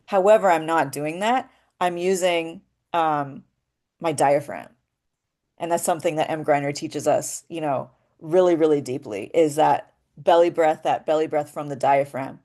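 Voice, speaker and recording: A woman's voice: low-pitched, measured pace, darkish tone. A woman voice actor giving a reflective, spiritual talk in an earnest way, often checking in with a rhetorical "right?". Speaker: voice actor and workshop speaker.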